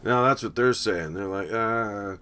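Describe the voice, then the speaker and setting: A movie commentator rambles casually over a film, tossing in wry, sarcastic asides as a running commentary. His voice sits low and his pace is unhurried.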